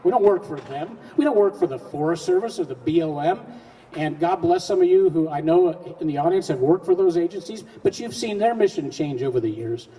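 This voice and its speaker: A man's voice: on the high side, animated, brisk, warm tone. A man giving an earnest, folksy public speech to a live audience, asking rhetorical questions and often restarting his sentences. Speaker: speaker at a public event. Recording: distant mic in a reverberant hall.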